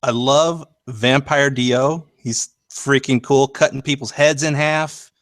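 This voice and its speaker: A man's voice: mid-range voice, fairly even intonation, a little slow, a bit bright, dry recording. Enthusiastic man reading his notes. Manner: enthusiastic, reads from notes, laughs often. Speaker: podcast co-host. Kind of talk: casual chat.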